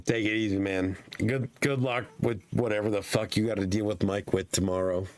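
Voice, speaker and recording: A man's voice: on the low side, steady tone, brisk, a little mellow, dry recording. A man co-hosting a casual stream chat, losing his voice, rowdy and profane. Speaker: co-host.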